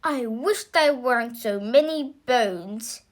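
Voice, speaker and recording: A woman voicing a huge man-eating giant who booms and grumbles. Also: slow pace. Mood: grumpy. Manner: booming, grumpy.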